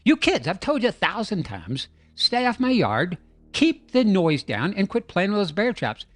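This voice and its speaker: A man's voice: sits high, huge pitch swings, normal speed, fairly bright tone, dry recording, voice pushed up, heavily acted. A man voicing a grumpy male Bigfoot who scolds kids and later boasts before a fight, in a raised, playful voice. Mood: grumbling. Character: grumpy male Bigfoot, weary and reluctant hero.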